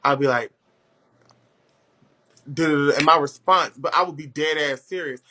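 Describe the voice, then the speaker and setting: A man holding forth in a relaxed conversation, his voice bright and forward. He tells stories with a steady stream of swearing and swings high in pitch when he gets worked up. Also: brisk, a little hiss or hum. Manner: profane, animated storytelling with big pitch swings. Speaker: host. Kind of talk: casual chat.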